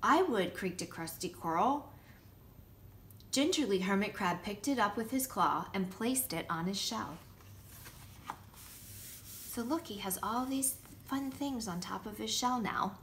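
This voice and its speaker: A woman's voice: mid-range voice, unhurried, pauses often, slight background noise. A woman reading a picture book aloud. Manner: warm, lively storytelling with asides showing pictures. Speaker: nursery school teacher.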